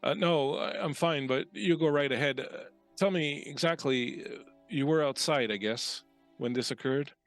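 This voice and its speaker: A man's voice: a little high, moderate pace, gravelly, soft background music, voice pushed up. Man putting on a prim, aloof woman. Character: reserved, tasteful woman, cold, watchful.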